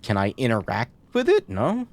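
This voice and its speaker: Streaming a horror game, a man reads the on-screen notes aloud and throws in joking asides, staying casual and relaxed. His voice is medium-pitched at a normal speed.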